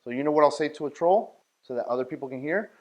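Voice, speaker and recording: A man's voice: on the high side, animated, fast talker, a little mellow. A man leading a workshop, talking bluntly and directly and often checking that his listeners follow. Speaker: outreach workshop leader. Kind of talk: workshop talk.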